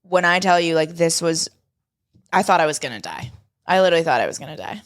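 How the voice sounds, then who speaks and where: Animated young woman podcast co-host. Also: low-pitched, fast talker. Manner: animated storytelling, acts out her own past lines. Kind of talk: casual chat.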